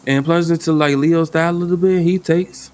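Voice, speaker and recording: A man running a solo tabletop game as game master, talking loosely in slang and thinking out loud. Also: a little high, steady tone, brisk. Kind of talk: casual tabletop game narration.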